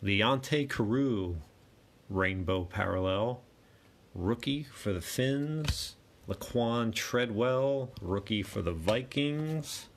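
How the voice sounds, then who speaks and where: This medium-pitched man speaks expressively and slowly while opening packs during a card break. He rattles off card names and makes chatty remarks to himself, over a little hiss or hum.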